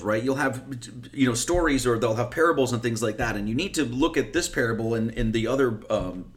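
A middle-aged man with a mid-pitched voice gives an informal sermon, talking like a teacher. He reads scripture aloud with emphasis and then unpacks it conversationally, asking rhetorical questions as he goes. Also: fairly bright tone. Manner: conversational, rhetorical questions, frequent "okay?" and "right?". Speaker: teacher of esoteric Bible study.

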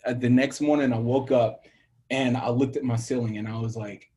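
A young man from the American South, a musician, telling his story in an interview with lively acted-out dialogue and frequent laughs. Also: medium pitch, normal speed. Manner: animated storyteller, acts out quoted dialogue, laughs often. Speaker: musician guest.

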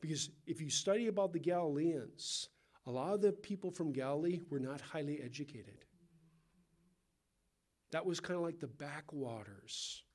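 A pastor teaches from a Bible passage in a loose, conversational manner, full of side comments and questions to those listening. He has a Californian accent and a slightly high voice at normal speed.

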